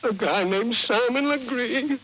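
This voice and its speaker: A man voicing a weepy, crude old woman who runs a brothel, griping in a high put-on voice during a bawdy joke. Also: unhurried, a bit bright, slight background noise, rough recording. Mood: indignant griping. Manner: high-pitched, crude, rambling complaint. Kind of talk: bawdy party-record joke telling.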